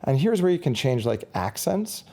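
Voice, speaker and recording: A man with a gravelly, fry-edged voice talks through a casual gear review. His tone is mellow and relaxed, and he rambles along, correcting himself as he goes. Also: medium pitch, normal speed. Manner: rambling, chatty, self-correcting.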